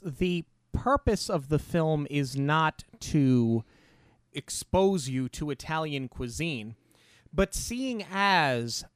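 A chatty, opinionated co-host rambles through a film review. The voice swoops around with very lively pitch. It is recorded close and dry, with no room sound. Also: no echo. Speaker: podcast co-host. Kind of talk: casual film-review chat.

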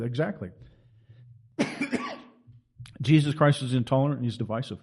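A man's voice: mid-range voice, moderate pace, long pauses, darkish tone, breathy edge. A middle-aged man delivering an impassioned, preaching monologue as a Christian commentator, emphatic and full of rhetorical questions.

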